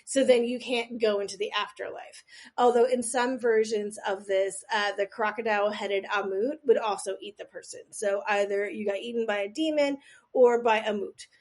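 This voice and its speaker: A woman's voice: medium pitch, steady tone, moderate pace, a little mellow. A woman co-hosting a podcast, running a quiz in a rambling, self-deprecating way with jokey asides, sometimes leaning back from the microphone. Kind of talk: casual podcast chat.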